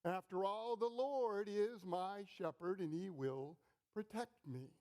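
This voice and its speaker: A stubborn man stuck on a flooded roof, turning down help with self-assured insistence, as a preacher acts him out in a sermon joke. The voice sits fairly high and the refusals come slowly and deliberately. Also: dark tone.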